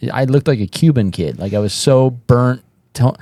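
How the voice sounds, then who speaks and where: A man's voice: mid-range voice, animated, normal speed, mellow, dry recording, clean studio sound. A man in his thirties co-hosting a podcast, rambling with laughs and fillers in casual chat. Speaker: podcast co-host.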